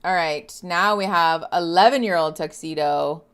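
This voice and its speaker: A woman's voice: lowish voice, moderate pace, fairly bright tone, clear, resonant tone. A woman streamer chatting casually and gushing over pet photos, giggling and cooing. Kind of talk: casual reaction chat.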